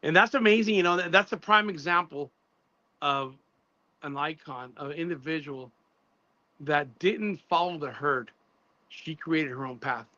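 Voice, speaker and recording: A man hosting a casual live-stream interview, shouting out viewers and praising his guest. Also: fairly high pitch, unhurried, no echo. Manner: shouts out viewers, admiring and emphatic. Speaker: show host. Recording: dull lo-fi dry sound.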